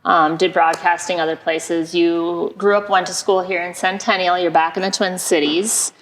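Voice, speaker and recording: A woman's voice: fairly low pitch, level tone. Woman co-hosting a podcast, reverberant room. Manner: quick, affirming interjections. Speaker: podcast co-host. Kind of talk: casual chat. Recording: long reverb.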